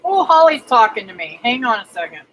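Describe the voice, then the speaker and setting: Chatty bright-voiced woman greeting viewers. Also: on the high side, very animated, a little fast, low-quality recording. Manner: chatty, greets viewers by name, many fillers. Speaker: homesteading livestream host. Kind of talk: casual livestream chat reading viewer comments.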